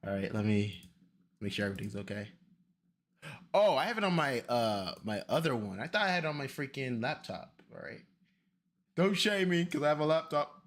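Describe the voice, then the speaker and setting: A man's voice: medium pitch, very animated, moderate pace, fairly bright tone. A young man streaming casually, rambling and exclaiming to himself as he sets things up. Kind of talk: casual stream chat while setting up a video.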